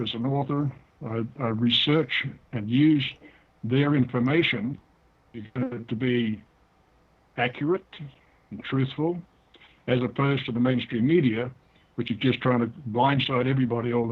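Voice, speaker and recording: A man's voice: medium pitch, a little slow. Older New Zealand man on a tinny phone line. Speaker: guest author. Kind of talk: interview over the phone.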